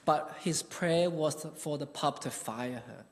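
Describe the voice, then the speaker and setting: A man's voice: fairly high pitch, slow pace, big-room sound. A man preaching a sermon, telling a personal story in an earnest, conversational way.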